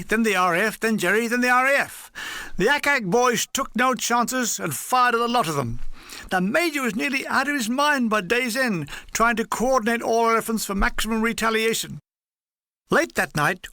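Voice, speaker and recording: Man with a bright, wry narrating voice. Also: very high voice, vocal fry, dry recording, clean studio sound. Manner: wry, comic deadpan storytelling. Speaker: author and narrator. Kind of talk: audiobook memoir narration.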